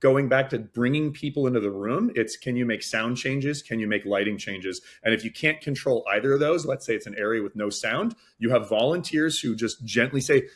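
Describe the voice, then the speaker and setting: A man's voice: mid-range voice, fairly quick, hardly any pauses. A man who works as a fundraising auctioneer, talking energetically on a webinar and acting out announcements as he tells his stories. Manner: energetic, storytelling, acts out announcements. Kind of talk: webinar talk, explaining.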